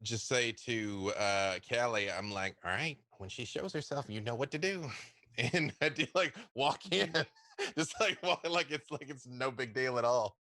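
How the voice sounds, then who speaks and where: A man's voice: mid-range voice, a little slow, no echo, studio quality. A man playing a tabletop game, joking and slipping into his character's lines. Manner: lively, joking, plays in character. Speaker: player.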